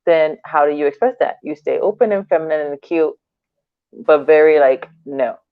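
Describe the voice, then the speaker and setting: Low-voiced woman on a tinny line. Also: moderate pace, no echo. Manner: laughs often, acts out quoted dialogue. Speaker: podcast co-host. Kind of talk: casual chat. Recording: dry, tinny phone-like line.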